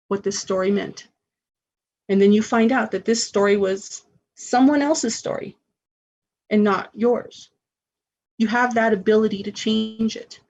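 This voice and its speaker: A woman's voice: mid-range voice, a little mellow, highs cut off. A woman hosting a spiritual self-help radio show, talking in an earnest, encouraging way.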